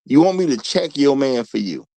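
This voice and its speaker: A man's voice: medium pitch, sing-song, moderate pace, dark tone, no room sound. A man hosting a livestream, talking casually, reading chat aloud and repeating his phrases. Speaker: livestream host.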